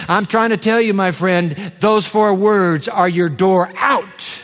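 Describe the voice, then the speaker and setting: A man's voice: high-pitched, takes it slowly, few pauses, a bit bright, long reverb tail. A man preaching a sermon with emphasis, having the congregation repeat lines after him. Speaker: pastor.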